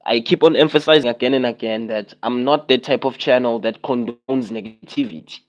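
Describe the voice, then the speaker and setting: A man's voice: mid-range voice, a little fast, rough recording. A young man on a casual livestream, talking to his viewers and repeating himself in exasperated rhetorical questions.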